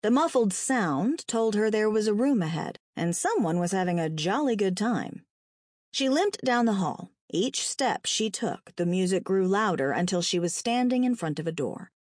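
A woman reading a dark story aloud with a dramatic, expressive delivery. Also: medium pitch, moderate pace, dry recording, clean studio sound. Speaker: narrator.

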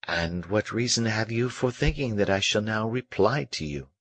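A man voicing a probing, insistent male confessor in an audiobook, pressing with questions in a husky voice. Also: fairly low pitch, lively intonation, normal speed, fairly bright tone, no echo, voice pushed up. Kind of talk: audiobook character reading.

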